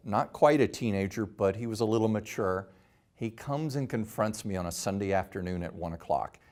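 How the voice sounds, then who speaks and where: Middle-aged man telling a family story. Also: lowish voice. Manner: animated storyteller acting out quotes. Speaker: host. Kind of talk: personal story talk.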